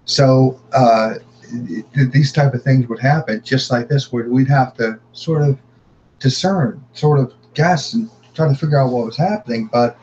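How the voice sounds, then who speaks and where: A middle-aged man recounting his family's paranormal experiences as a guest, halting and repeating words as he tells it. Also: medium pitch, darkish tone, highs cut off, slight background noise.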